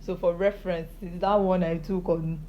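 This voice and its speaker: A woman's voice: fairly low pitch, fairly even intonation, moderate pace, lo-fi sound, a little hiss or hum. A young woman speaking to camera in an emotional, joyful personal video diary, praising God. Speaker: vlogger.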